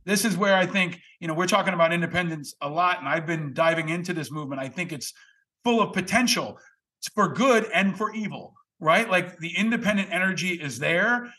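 A man's voice: sits high, brisk, sharp tone. A man in casual political chat, blunt and emphatic. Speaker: political commentator.

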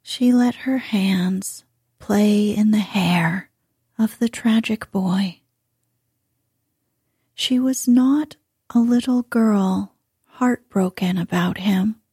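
Very slow, breathy woman reading a bedtime story. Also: medium pitch, no room sound, clean studio sound. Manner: soft, hushed, drawn-out delivery.

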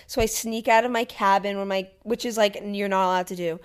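A young woman co-hosting a podcast, telling a story in a chatty, animated way full of fillers and acted-out dialogue. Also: mid-range voice, a little fast, clean tone. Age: young adult. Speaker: podcast co-host. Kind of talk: casual storytelling chat.

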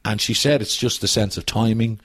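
Guy chatting, husky voice, lively storyteller, stumbles and restarts. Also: fairly low pitch, fairly quick. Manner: animated storyteller, restarts a lot. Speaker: guest, comedian and actor. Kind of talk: casual chat.

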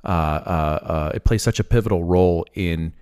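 Young guy cohost, very deep voice, slow hesitant thinking out loud, dry room. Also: clear, resonant tone, no echo. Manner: measured, thoughtful, hesitant. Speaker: podcast co-host. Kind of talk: casual podcast chat.

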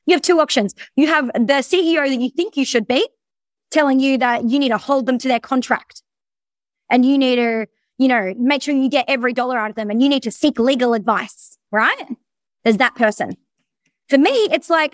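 A woman coaching in a presentation, talking at a quick clip in a high voice. She is blunt and energetic and swears freely. The sound is dry and close. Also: no echo. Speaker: business coach. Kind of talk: recorded presentation.

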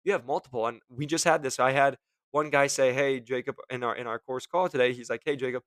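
A man hosting a casual motivational talk to his listeners, energetic and jokey, often acting out what other people say. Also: medium pitch, fast, no room sound, studio quality. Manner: energetic, jokey, acts out quoted voices. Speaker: host.

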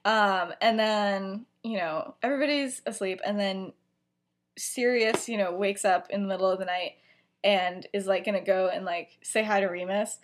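A woman's voice: medium pitch, normal speed, a little hiss or hum. A young woman co-hosting a podcast, casually retelling a fan story in a rambling way, full of "like" and "you know", acting out the characters' lines as she goes. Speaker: podcast co-host.

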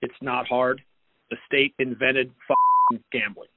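A man's voice: medium pitch, huge pitch swings, measured pace, a little hiss or hum. Exasperated man on a tinny voicemail. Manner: exasperated, profane. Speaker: voicemail caller.

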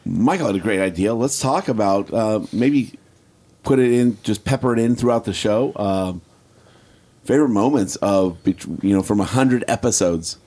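Husky laughing podcast host man. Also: on the low side, moderate pace, a little mellow. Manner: laughs often, rambling with restarts. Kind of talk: casual podcast banter.

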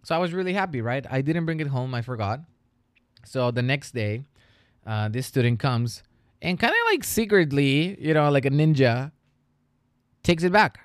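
A man hosting a solo educational podcast, talking casually as a teacher and turning lively when he retells classroom stories. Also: mid-range voice, moderate pace, no echo, studio quality.

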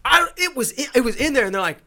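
A man casually telling travel stories as a guest, animated and acting out the people he met. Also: very high voice, fast talker. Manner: animated, acts out other voices. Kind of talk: casual storytelling chat.

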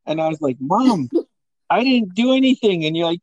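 A man's voice: high voice, big pitch swings, moderate pace, darkish tone, no room sound, poor audio. A young adult man hosting a podcast, telling family stories in a casual, profane way and often laughing. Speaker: podcast host.

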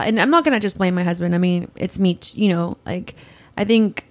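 A woman in her thirties in casual chat, an animated storyteller who acts out quotes. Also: fairly low pitch, fairly quick. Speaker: podcast co-host.

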